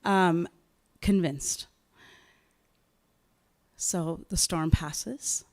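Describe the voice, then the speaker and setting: A woman novelist tells a story at a live writers' event, animated and dramatic, acting out bits of dialogue. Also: fairly low pitch, extremely slow.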